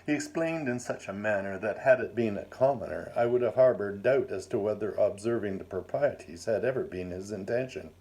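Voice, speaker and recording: A man narrates a first-person tale in a low, mellow voice. His delivery is measured and formal, with a dry wry edge to it. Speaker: narrator reading his story.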